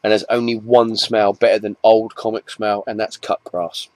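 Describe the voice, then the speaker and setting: A man's voice: on the low side, flat delivery, moderate pace, dry recording. A man with an English accent chatting casually to camera, rambling and often restarting his sentences, with self-mocking asides. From England. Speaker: comic collector vlogger.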